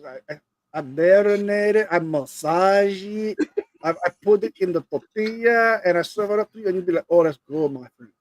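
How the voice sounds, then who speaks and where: A man's voice: high-pitched, normal speed, dry recording, close to an everyday voice. A man putting on a swaggering pork-belly thief, boastful and mock-menacing. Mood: indignant. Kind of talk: comedic impression.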